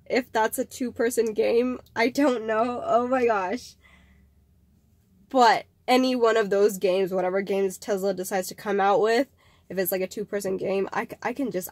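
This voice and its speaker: A woman's voice: medium pitch, dry recording. A woman hosting a casual vlog, rambling in a chatty way with frequent laughs and filler words. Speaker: vlog host.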